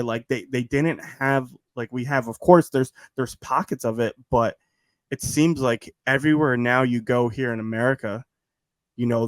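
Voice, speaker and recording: A man talking casually as a podcast guest, animated and rambling with lots of restarts. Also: mid-range voice, dry recording. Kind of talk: casual chat.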